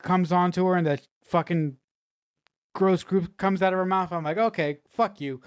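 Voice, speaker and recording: A woman co-hosting a casual movie review podcast, talking in halting restarts and swearing bluntly. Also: fairly low pitch, steady tone, smooth. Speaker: podcast co-host.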